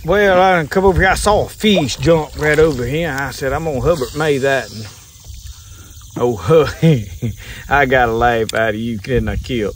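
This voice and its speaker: A man's voice: mid-range voice, normal speed, slight background noise. A man with a Southern US accent talking casually from a kayak on a pond, folksy and rambling, chuckling as he goes. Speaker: fishing vlogger. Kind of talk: casual outdoor talk to camera. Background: insects and crickets.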